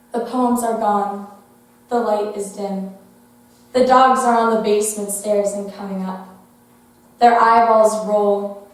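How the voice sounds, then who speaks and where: A teenage girl reciting a poem as a student contestant, deliberate, with sudden bursts of force. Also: medium pitch. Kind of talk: poetry recitation. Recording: echoey hall from far off.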